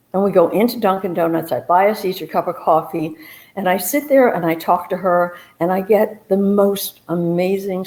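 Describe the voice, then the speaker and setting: A woman private detective telling a personal story on stage in a lively way, acting out what people said. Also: fairly low pitch, poor audio. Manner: lively storytelling, acts out quotes.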